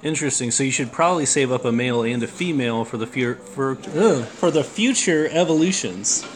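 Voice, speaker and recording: A man hosting a casual podcast chat, relaxed and chatty with lots of fillers and restarts. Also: medium pitch, brisk, faint music behind. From Texas. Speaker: podcast host.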